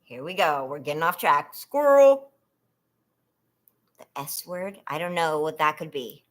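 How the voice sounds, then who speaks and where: A woman's voice: low voice, very animated, a little slow. A woman from California hosting a casual trivia livestream, chatty and giggling often as she reads questions and talks to viewers.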